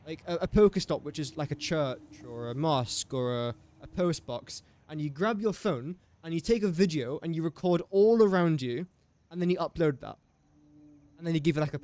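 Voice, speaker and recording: A man's voice: on the high side, a little mellow. A man chatting on a game live stream, thinking aloud through sums and joking with viewers. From England. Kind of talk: casual live-stream chat.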